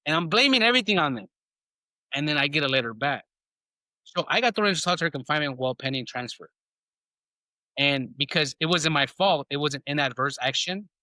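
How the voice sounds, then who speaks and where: A man's voice: a little high, animated, fairly quick, bright, forceful tone, no room sound. A man, a podcast guest, telling a personal story in casual talk, reenacting conversations and often saying bro. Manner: casual, reenacts dialogue, says bro a lot.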